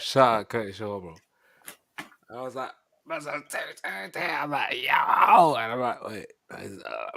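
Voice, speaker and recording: A man's voice: fairly low pitch, vocal fry, a bit bright, no echo. Slangy young man hosting a football stream. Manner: slangy, rambling banter. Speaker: live stream host. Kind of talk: casual football reaction chat.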